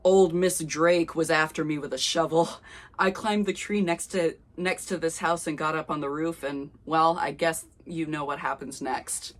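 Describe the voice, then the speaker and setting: A woman's voice: low-pitched, fairly even intonation, moderate pace, natural voice. Woman reading as a cocky punk teenage boy. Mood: casual. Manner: laid-back, smirking.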